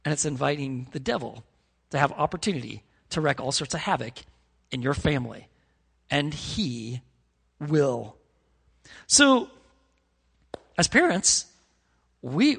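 A man delivers a sermon in an earnest, conversational way, often restarting his phrases. His voice sits high for a man. It rings with the long reverb of a church sanctuary. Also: creaky, slightly rough. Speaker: pastor.

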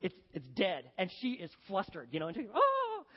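A man preaching a sermon, telling folksy stories and swinging between loud, lively bursts and hushed, slow emphasis. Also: high voice. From Texas. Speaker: pastor. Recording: dull, echoey hall recording.

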